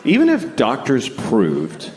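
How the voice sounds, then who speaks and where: A middle-aged man doing a blunt, deadpan stand-up comedy set, often acting out other people's voices. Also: medium pitch, slow pace, a crowd in the background. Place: stage before a laughing audience. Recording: live stage recording with audience noise. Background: audience laughter.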